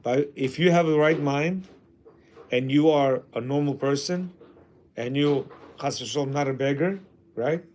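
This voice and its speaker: A man's voice: fairly high pitch, unhurried, a little mellow, a little hiss or hum. A man teaching a men's religious class, emphatic and full of rhetorical questions. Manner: emphatic, rhetorical questions, acts out quoted voices. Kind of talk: informal religious class talk.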